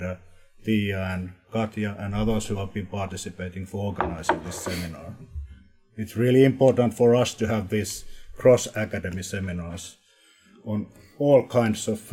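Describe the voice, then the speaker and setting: A man's voice: fairly low pitch, mellow, husky. A man chairing a seminar and giving hesitant opening remarks in a seminar room, with many restarts.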